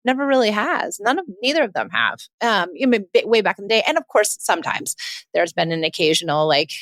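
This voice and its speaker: A woman in her forties hosting a parenting podcast, telling a family story in a chatty, animated way and acting out the quoted lines. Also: medium pitch, brisk, no echo, clean studio sound. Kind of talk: casual storytelling monologue.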